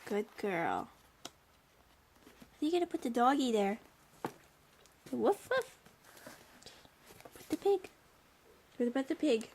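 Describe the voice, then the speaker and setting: High, sing-song woman coaxing a toddler. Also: very animated, normal speed, pauses often, a little mellow, slight background noise. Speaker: parent. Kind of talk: coaching a toddler through a picture book.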